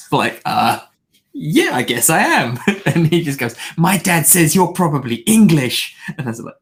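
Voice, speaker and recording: A man's voice: fairly high pitch, big pitch swings, measured pace. A man co-hosting a podcast, telling a story in a casual, dry joking way. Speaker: podcast co-host. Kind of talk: casual chat.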